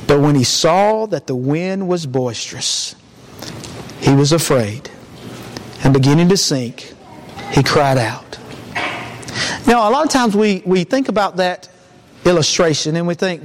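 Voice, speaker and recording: A man's voice: very high voice, expressive, measured pace, a little hiss or hum. A man preaching a sermon in a church, in an earnest, conversational way with frequent restarts.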